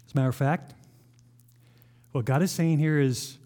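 A man preaching a sermon, reading scripture aloud and firing rhetorical questions at the congregation in an animated way. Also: fairly high pitch. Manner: reads scripture aloud with emphatic slowing. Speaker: pastor.

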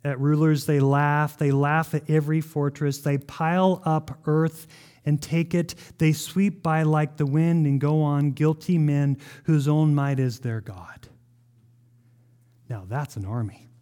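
Male preacher, high-pitched and animated, reads scripture and questions the congregation. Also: clean tone. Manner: reads scripture aloud with emphatic slowing. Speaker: pastor. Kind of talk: sermon.

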